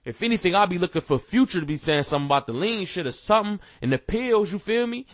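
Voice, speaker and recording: A man's voice: sits high, expressive, fast talker, no echo. A man hosting a podcast, ranting casually with heavy profanity and rambling fillers, growing heated. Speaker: podcast host. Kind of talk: casual rant.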